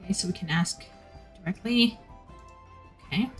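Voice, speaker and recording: A woman's voice: medium pitch, moderate pace, faint music behind. A woman casually commenting on a game story while she live-streams it, often restarting her sentences. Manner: chatty, restarts sentences, critiques the writing.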